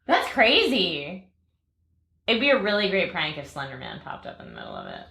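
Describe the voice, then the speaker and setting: Expressive female guest, animated pitch, laughs a lot. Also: normal speed, creaky, roomy sound. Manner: giggly, expressive. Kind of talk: casual chat.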